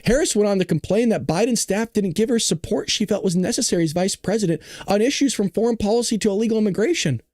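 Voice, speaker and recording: A man's voice: sits high, fast, few pauses, a little mellow, no room sound, clean studio sound. A podcast host reading an article aloud and mocking it, breaking into laughter as he goes.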